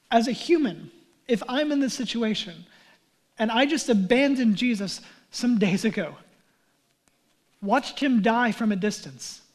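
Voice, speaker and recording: A male pastor preaching an Easter sermon, animated, acting out quoted lines and dropping to near whispers. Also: very high voice.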